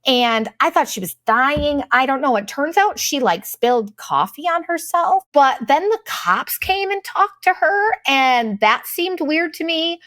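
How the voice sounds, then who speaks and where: A woman's voice: high-pitched, expressive, a little slow, hardly any pauses, a bit bright, no echo. A middle-aged woman telling a travel story in a casual, profane, exasperated and sarcastic way. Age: late 30s to 40s. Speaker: vlogger.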